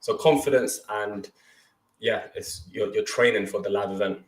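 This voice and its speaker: Young male trading co-host, lower pitch, excitable, self-correcting; roomy echoey sound. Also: moderate pace, a little hiss or hum. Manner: energetic, often restarts sentences. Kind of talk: casual livestream talk.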